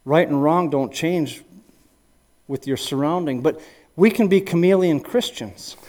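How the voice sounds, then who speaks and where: A man's voice: on the high side, warm tone. A middle-aged man giving a conversational sermon, asking rhetorical questions and often restarting his sentences. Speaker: preacher and high school wrestling coach.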